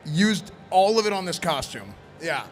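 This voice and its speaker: A man presenting in costume at a live event, joking and rambling loudly. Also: high voice, big pitch swings, moderate pace, faint music behind. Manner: playful, rambling, loud. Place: convention event floor. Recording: noisy convention floor.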